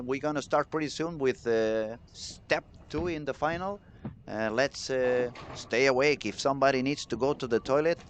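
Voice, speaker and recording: A man commentating live on a bowling tournament, excitable and chatty, talking straight to the viewers in the chat. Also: medium pitch, a little hiss or hum.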